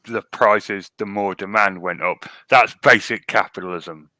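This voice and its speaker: A man's voice: fairly low pitch, unhurried, bright, forceful tone, no room sound. A man co-hosting a podcast, talking in a dry, matter-of-fact way. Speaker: podcast co-host. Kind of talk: casual podcast chat.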